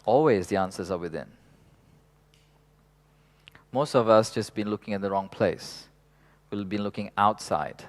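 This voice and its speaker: A man with a lowish voice talks a group through a reflective workshop. His pace is unhurried, with soft laughs and casual swearing scattered through. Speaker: workshop facilitator.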